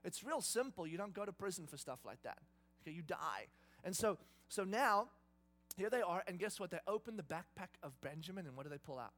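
A man preaching a sermon, retelling a story in a lively, conversational, dramatic way. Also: high voice, brisk. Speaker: pastor.

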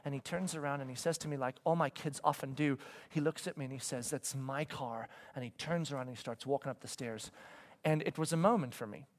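Storytelling pastor, loud to hushed. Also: male voice, mid-range voice, quick pace. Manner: storytelling, swings from loud to hushed, stammered restarts. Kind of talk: sermon.

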